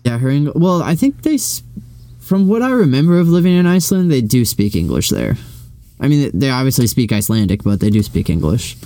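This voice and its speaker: A man's voice: mid-range voice, sing-song, brisk, mellow, dry recording. A man casually recapping a TV series on a podcast, rambling with fillers and the odd swear. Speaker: podcast co-host. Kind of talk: casual chat.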